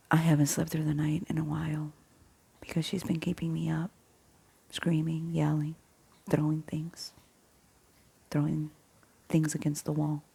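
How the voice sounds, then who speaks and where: A woman with a low, very husky and breathy voice, talking casually through a personal story. Her tone is dark and gravelly, and she often drops into a half-whisper, repeating words as she rambles on. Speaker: faith vlogger.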